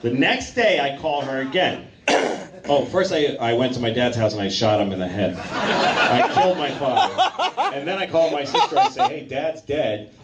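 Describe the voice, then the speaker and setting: A man doing a stand-up set at a comedy club stage, telling crude bits in a halting, deadpan way full of fillers, into a handheld mic. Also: medium pitch, heavy background noise. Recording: roomy club, loud laughing crowd. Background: laughing audience.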